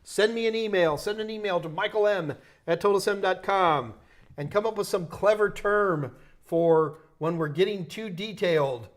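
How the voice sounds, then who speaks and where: Man, New York accent, fairly high voice, loose joking live Q&A host. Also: normal speed. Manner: loose, joking, thinks aloud with restarts. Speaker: host answering tech questions. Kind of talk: live Q&A stream.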